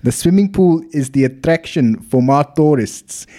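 A man's voice: on the high side, normal speed, warm tone, voice pushed up, lightly acted. A man putting on a South African accent to voice a defensive hotel owner who rolls his R's and turns stiff and aggressive. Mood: indignant. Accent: put-on South African. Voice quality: rolling R's. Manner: stiff, indignant, growing aggressive. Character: defensive male hotel owner answering a bad review.

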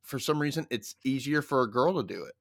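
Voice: mid-range voice, fast talker, no echo, studio quality. A podcast guest in casual chat, talking loosely with lots of "like" and "you know.".

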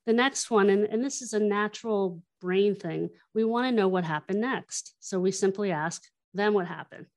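A woman guest, a workshop trainer, explaining her methods and telling stories, acting out quoted lines in an animated way. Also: mid-range voice, moderate pace. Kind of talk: explanatory interview talk.

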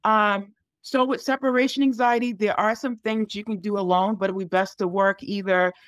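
A woman working as a dog trainer talks through her advice in a loose, conversational way, leaning heavily on ums and you-knows as she explains. Her voice sits at a middling pitch for a woman. It is recorded close and dry, with no room sound. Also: steady tone, moderate pace, no echo. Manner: chatty and explanatory, many fillers like um and you know. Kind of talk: casual advice in a podcast conversation.

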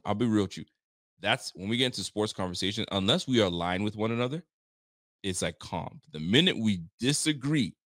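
A man hosts casual sports talk, teasing and laughing as he goes. His voice moves a lot in pitch. The recording is close and dry. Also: fairly bright tone, no echo. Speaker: podcast host.

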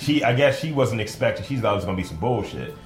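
Male podcast co-host, lively pitch, slangy storyteller, echoey room, music bed. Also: quick pace. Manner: animated storytelling with lots of impressions. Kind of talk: casual explicit podcast banter.

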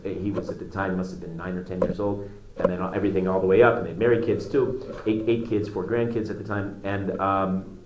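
A male religious teacher tells a story in a halting way, often restarting his phrases. His voice rings in an echoey room with a faint hiss behind it. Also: deep voice, little pitch movement. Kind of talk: storytelling Torah class.

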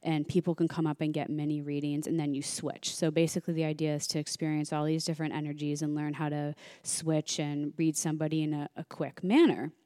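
A woman on a podcast tells a story casually and with lively energy, often slipping into the voices of the people involved. Her voice sits low. The recording is dry and close. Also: brisk, few pauses, no room sound. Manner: animated, acts out quoted dialogue. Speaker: podcast guest.

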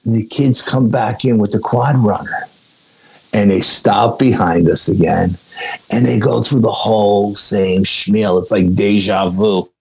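Man, low husky voice, casual storytelling, animated, swears, acts out dialogue. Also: a little slow, low-quality recording. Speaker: guest, paranormal investigator.

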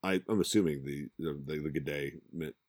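A man co-hosting a podcast in casual chat, halting and repeating words as he reads out listener comments. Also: rumbling low, a little mellow, no room sound, studio quality. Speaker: podcast co-host.

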